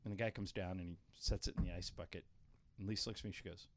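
A man's voice: steady tone, fast, noisy background. A man hosting a radio show, chatting casually with co-hosts and telling stories full of quoted dialogue. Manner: storyteller, quotes others in low voice. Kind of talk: casual studio banter.

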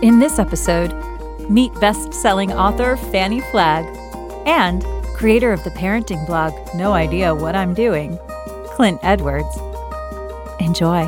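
A woman's voice: on the low side, a little slow. Woman announcing over music. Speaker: host. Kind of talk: scripted introduction.

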